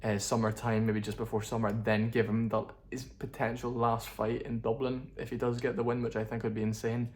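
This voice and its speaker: A man's voice: medium pitch, level tone, brisk, hardly any pauses, darkish tone. A man talking casually to camera as a fight-sports YouTuber, opinionated and chatty, often thinking aloud. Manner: chatty, opinionated, laughs at his own jokes. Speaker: MMA commentary YouTuber. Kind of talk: casual vlog commentary.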